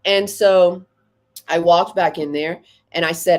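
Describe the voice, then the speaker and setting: A woman's voice: on the low side, fairly even intonation, slow pace, darkish tone. A woman co-hosting a casual podcast livestream, telling an exasperated, profane story with lots of repetition. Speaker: podcast co-host.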